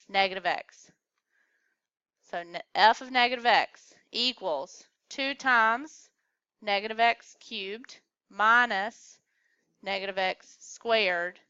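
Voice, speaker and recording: A woman's voice: mid-range voice, bright, forceful tone, clear, resonant tone, no echo, dull audio. A woman teaching a math class, coaxing students along with questions in a classroom lecture.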